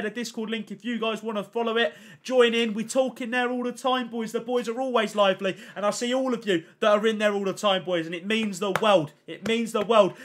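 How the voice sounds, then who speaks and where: A man's voice: sits high, a bit bright. A young man hosting a live gaming stream, chatting in a hyped, slangy way and reading out chat messages. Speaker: livestream host.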